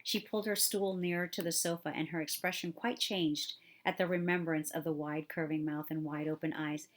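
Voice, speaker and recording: A woman reading a children's novel aloud in a gentle, expressive storytelling manner. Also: sits low, moderate pace, few pauses. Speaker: children's book reader.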